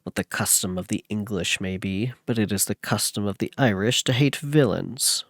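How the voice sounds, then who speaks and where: A man's voice: lowish voice, moderate pace, no echo, studio quality. A man voicing a curt, unwelcoming Irish townsman in a storybook reading, speaking bluntly.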